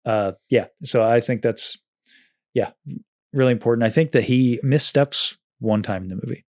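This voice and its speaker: A man's voice: mid-range voice, normal speed, dry recording, clean studio sound. A man co-hosting a podcast, chatting casually about a film, thoughtful and careful to qualify his points. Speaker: podcast co-host.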